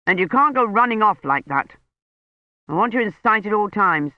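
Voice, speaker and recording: A man's voice: high voice, expressive, moderate pace, no room sound, muffled recording. A man reading an audiobook, voicing a stern, protective older male scholar who gives firm, clipped commands.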